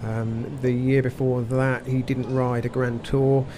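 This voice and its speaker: A man's voice: mid-range voice, flat delivery, measured pace, warm tone. Chatty man co-hosting a podcast. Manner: chatty, full of fillers and asides. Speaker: podcast co-host. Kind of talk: casual chat. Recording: recording with clear background noise.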